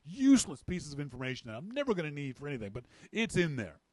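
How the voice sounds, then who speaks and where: A man from Canada hosting a podcast, telling a story in a casual, animated way and acting out the lines of people in it. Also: a little high, fast, dry recording. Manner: animated, acts out quoted dialogue. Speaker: podcast host.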